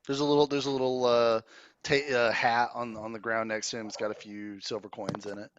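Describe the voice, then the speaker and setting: A man's voice: medium pitch, little pitch movement, fairly quick, highs cut off, a little hiss or hum. A man narrating as dungeon master in a tabletop game, laughing easily and slipping into short character lines.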